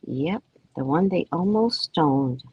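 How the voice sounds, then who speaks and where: Husky woman host, animated delivery, blunt, swears freely, casual storytelling. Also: low voice, takes it slowly, no echo, dull audio. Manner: blunt, profane, laughs often. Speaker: psychic reader and live-stream host.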